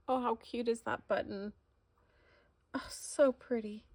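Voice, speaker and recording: In a casual vlog shot on camera, a crafting vlogger unboxes gifts at home, gushing and exclaiming effusively. Her voice is on the high side, steady, unhurried, and a little mellow.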